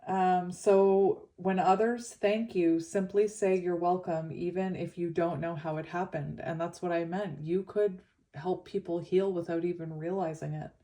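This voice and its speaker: Low-voiced woman giving a tarot reading. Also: fairly even intonation, measured pace. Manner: gentle, rambling, with frequent fillers and soft laughs. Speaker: tarot reader. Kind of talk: pick-a-card tarot reading, reading card meanings aloud.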